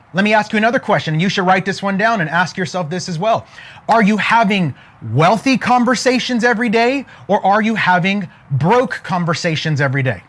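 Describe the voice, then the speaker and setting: A man around forty giving an energetic motivational talk, throwing rhetorical questions at his listeners. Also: high-pitched. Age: 40s. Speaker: motivational speaker.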